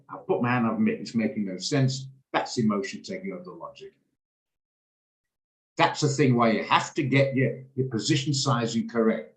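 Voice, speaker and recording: Rambling, emotional man on an echoey call. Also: mid-range voice. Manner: emotional, rambling, rants and laughs. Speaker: trading room host. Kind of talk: casual talk on a video call. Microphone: video call. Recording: echoey room on a video call.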